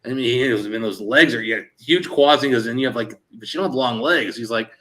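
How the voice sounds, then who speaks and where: A man hosting a casual chat show, telling an anecdote and quoting others in lively back-and-forth with lots of "like" and "he goes". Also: medium pitch, fast talker. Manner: animated storyteller quoting others in dialogue; frequent fillers like "like" and "he goes". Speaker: show host.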